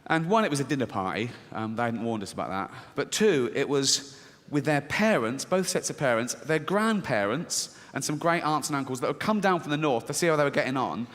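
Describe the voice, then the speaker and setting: A British stand-up comedian with a medium-pitched, slightly bright voice performs a routine on a large theatre stage, talking animatedly and fairly quickly with few pauses. Blunt and brash, he laughs at his own jokes and sounds a little out of breath. A stage mic picks up the hall's reverb.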